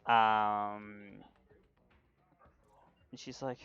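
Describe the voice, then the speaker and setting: A man runs a tabletop role-playing session as game master, narrating in a casual and loose way and often restarting his sentences. His voice sits at an ordinary middle pitch, and the recording sounds dull and lo-fi. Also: unhurried, fairly bright tone, dry recording.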